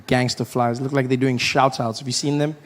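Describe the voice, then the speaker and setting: A man in his thirties with a South African accent, performing an animated stand-up routine and acting out voices. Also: medium pitch, fairly quick, in a large hall. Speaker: stand-up comedian. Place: comedy stage before a live audience. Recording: live show with faint crowd and noise.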